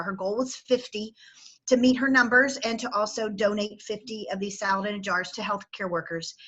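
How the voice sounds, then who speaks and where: Woman on a group call, bright sharp voice, earnest and a bit emotional. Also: medium pitch, low-quality recording. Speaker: team leader sharing praise. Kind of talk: heartfelt story on a video call.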